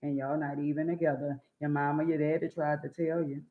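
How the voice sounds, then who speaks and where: A woman's voice: deep voice, flat delivery, fairly quick. A woman hosting a live stream, bluntly and profanely lecturing her viewers and repeating words for emphasis. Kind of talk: preachy live-stream rant. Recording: echoey room, dull lo-fi sound.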